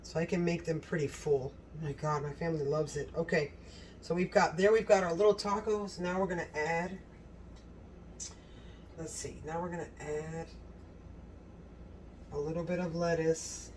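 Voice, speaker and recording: A woman's voice: low-pitched, fairly even intonation, normal speed, long pauses, darkish tone, a little hiss or hum. Gushing woman cooking, mic at a distance. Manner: gushing and exclamatory, talks straight to viewers. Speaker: cooking channel host. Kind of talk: casual cooking demonstration. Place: home kitchen.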